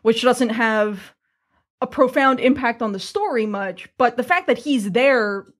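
A woman's voice: a little high, unhurried. A woman co-hosting a casual movie review podcast, chatty and rambling, with many fillers. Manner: chatty, many fillers, trailing off mid-thought.

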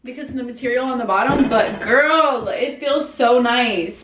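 Young female vlogger, chatty and animated, bright-ish voice, roomy echo, camera a bit far off. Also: fairly high pitch, normal speed, few pauses, a little hiss or hum. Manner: chatty, animated, talks to herself. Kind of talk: casual vlog chat to camera. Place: home. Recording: echoey room, camera at a distance.

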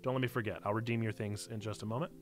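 A man's voice: lowish voice, steady tone, very fast. A man hosting a casual live stream, chatting playfully with viewers and poking fun at himself. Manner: playful, self-mocking, chatty asides to chat. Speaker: streamer and church community host. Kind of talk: casual live-stream chat with reading aloud.

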